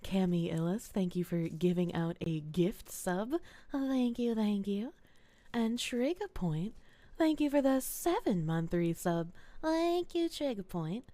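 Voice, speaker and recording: A woman streaming live, thanking viewers in casual, sleepy, low-key chat and swearing freely. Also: measured pace, mellow, no room sound. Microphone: desk mic with gain turned up.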